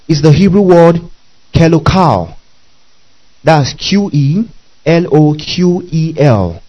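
A man teaching a Bible passage verse by verse, often pausing to ask his listeners if they follow. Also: fairly high pitch, animated, mellow, highs cut off. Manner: checks in often with "okay?" and "you see that?".

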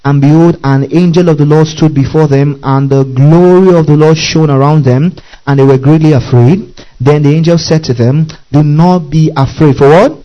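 This male preacher works through scripture verse by verse, spelling out Greek words and repeatedly asking the congregation whether they follow. His voice is on the high side and dark in tone, with a steady, moderate pace, and the recording sounds muffled.

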